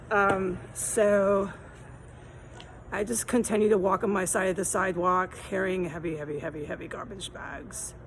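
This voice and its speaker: A woman's voice: lowish voice, gravelly, a little hiss or hum, rough recording. Rambling, aggrieved woman on a street. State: hot and muggy, tired. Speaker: vlogger. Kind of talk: rambling walk-and-talk vlog. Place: outdoors on a city street corner.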